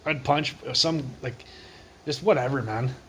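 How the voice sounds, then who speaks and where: A young man rambles through street stories on a phone livestream. His talk is casual and full of profanity, his voice sits at an ordinary middle pitch, and faint background noise runs underneath. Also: a little slow, fairly bright tone, poor audio.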